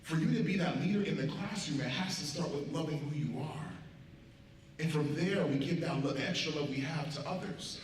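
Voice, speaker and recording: A man tells stories at a school assembly and acts out each voice in them. His voice sits a little high for a man. The recording is heavily echoey, picked up from far across a big hall. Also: moderate pace, a little hiss or hum. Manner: animated storyteller, acting out quotes with big swings in loudness. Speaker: motivational speaker at a school assembly. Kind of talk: storytelling speech to students.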